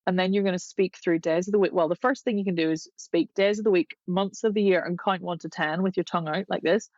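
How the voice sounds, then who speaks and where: A woman voice coach, chatting as a podcast guest and explaining vocal exercises in a demonstrative, unhurried way. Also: lowish voice, steady tone, darkish tone, no room sound, dull audio.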